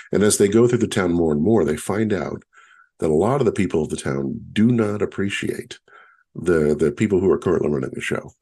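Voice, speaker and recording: A man co-hosting a podcast, explaining a story in a measured, storytelling way in casual conversation. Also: deep voice, a little mellow, husky. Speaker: podcast co-host.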